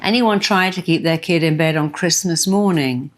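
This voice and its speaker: A woman giving a motivational talk, emphatic and repeating affirmations with slow, deliberate stress. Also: low voice. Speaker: motivational speaker.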